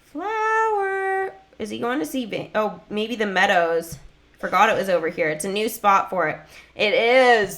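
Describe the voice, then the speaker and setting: A woman's voice: medium pitch, a bit bright. A woman casually commenting on a mobile game in a livestream, chatting with her viewers. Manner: chatty, talks to chat and viewers. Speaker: gaming livestreamer.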